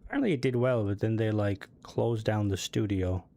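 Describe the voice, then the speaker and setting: A man's voice: fairly low pitch, fairly quick, creaky, dark tone, a little hiss or hum. A man streaming a game, thinking aloud and mumbling as he builds a ship in casual commentary.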